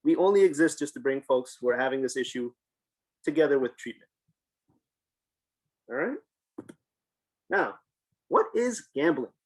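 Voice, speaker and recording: A man's voice: mid-range voice, lively intonation, moderate pace, long pauses, poor audio. A man, a community program team leader, giving a casual presentation over a video call and posing rhetorical questions. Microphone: video call microphone.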